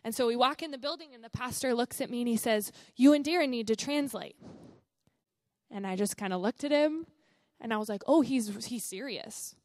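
A woman's voice: fairly high pitch, brisk, no echo. A young woman, a missionary sharing her testimony at a church service in an earnest, chatty way full of fillers.

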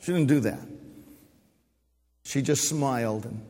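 Husky preacher in a reverberant church. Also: male voice, medium pitch, slow pace, a little mellow. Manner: preaching with repetition and call-and-response. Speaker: pastor. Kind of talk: sermon. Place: church sanctuary. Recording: long hall reverb.

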